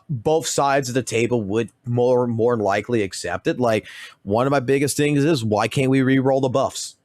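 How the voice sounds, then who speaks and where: A man's voice: mid-range voice, dry recording. A man streaming games, ranting heatedly in casual commentary and swearing constantly. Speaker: gaming streamer.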